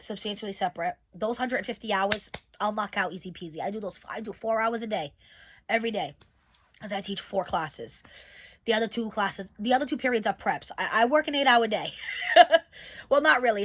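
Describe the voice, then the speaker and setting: A woman's voice: medium pitch, lively intonation, moderate pace, fairly bright tone. A woman who is a special education teacher, giving a casual, candid channel update and talking straight to her viewers. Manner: candid, rambling, talks to viewers directly.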